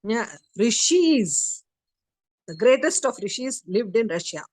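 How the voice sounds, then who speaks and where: Woman teacher, high and animated, for a study-group story, dry close sound. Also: takes it slowly, no echo. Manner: lively storyteller, acts out quotes. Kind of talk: storytelling lecture.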